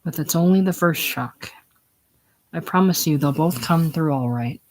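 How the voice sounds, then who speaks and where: A man's voice: on the high side, normal speed, slight background noise, close to an everyday voice. A man reading a coaxing, insistent salesman. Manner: coaxing, indignant. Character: smooth-talking male salesman, insistent and coaxing.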